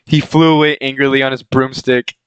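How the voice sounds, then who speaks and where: A man's voice: mid-range voice, flat delivery, a little fast, smooth, dull audio. A young man who reads a fan fiction aloud as a comedy bit. He keeps breaking into giggles, stumbles over words and corrects himself. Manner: stumbles and corrects his reading. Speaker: channel host reading fan fiction. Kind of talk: comedic reading aloud with commentary.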